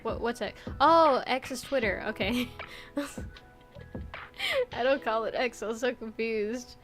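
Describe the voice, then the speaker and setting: A young woman from the Midwest streaming a casual chat, animated and chatty, laughing often as she reads chat aloud. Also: fairly high pitch, slow, soft background music. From Midwest United States.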